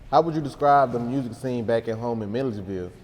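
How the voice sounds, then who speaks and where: A man interviewing a guest, asking questions in a relaxed, conversational way. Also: medium pitch, fast, big-room sound, slight background noise. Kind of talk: casual interview.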